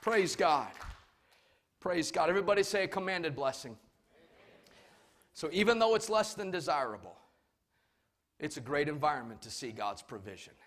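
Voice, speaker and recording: A middle-aged male pastor preaching a sermon. He tells stories with emphasis, swinging from shouts down to hushed asides. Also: a little high, very animated, normal speed, pauses often.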